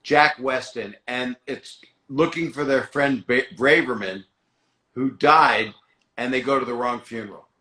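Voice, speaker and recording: A man hosting a casual chat, throwing in quick jokes and comments. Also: mid-range voice, bright, forceful tone, rough recording. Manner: quick quips and interjections. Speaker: comedian host. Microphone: video call.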